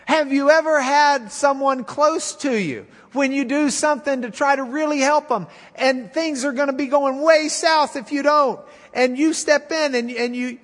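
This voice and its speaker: A man's voice: very high voice, fairly bright tone, long reverb tail. A male preacher retelling a story in a folksy, wry, conversational sermon.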